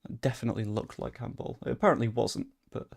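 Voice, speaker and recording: Young male streamer, gravelly tone, casual chatty gameplay commentary, excitable, swears. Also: mid-range voice, fast talker. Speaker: gaming streamer.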